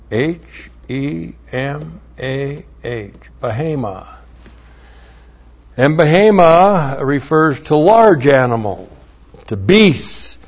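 A man's voice: medium pitch, muffled recording. A man teaching scripture verse by verse, reading passages aloud with emphasis and spelling out Hebrew words letter by letter. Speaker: Bible teacher.

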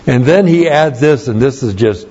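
A man's voice: medium pitch, lively intonation, normal speed, mellow, highs cut off, slight background noise. A man preaching verse by verse, explaining Greek grammar, spelling words out and repeating phrases for emphasis. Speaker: pastor. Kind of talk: verse-by-verse Bible teaching.

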